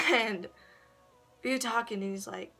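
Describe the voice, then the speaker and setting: A woman's voice: fairly high pitch, a little slow, gravelly, pushed and bright, soft background music. A woman vlogging at home, casually telling a personal story, full of slang, swearing and laughter.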